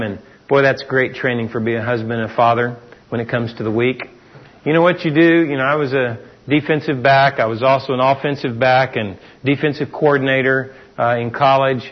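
Fairly quick and steady in tone, a middle-aged pastor's medium-pitched voice carries a conversational sermon built on rhetorical questions and acted-out quotes of what people say. The sermon was captured in a dull, lo-fi recording.

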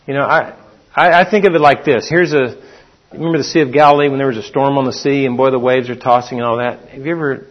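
Male pastor, sermon, folksy storytelling, medium pitch, dull recording. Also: fairly even intonation, fast talker. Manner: folksy storytelling, acts out quotes.

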